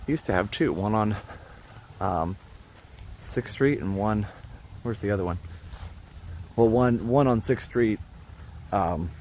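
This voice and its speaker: A man's voice: lowish voice, darkish tone. A man from Indiana hosting a casual live-stream tour outdoors in a park, rambling with lots of fillers and greeting viewers by name. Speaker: livestream host. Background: faint traffic.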